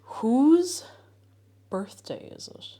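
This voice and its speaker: Playful woman streamer, slightly high and lively voice, a touch crackly, chatty and silly. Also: extremely slow, faint music behind. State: slightly crackly voice after illness. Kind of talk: casual cooking stream chat.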